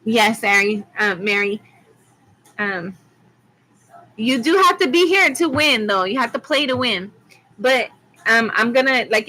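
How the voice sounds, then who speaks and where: A woman's voice: fairly high pitch, pushed and bright, a little hiss or hum, low-quality recording. A woman from Arizona giving a rambling, chatty live-stream tarot reading, with frequent ums. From Arizona, USA. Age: adult with school-age kids. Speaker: tarot reader.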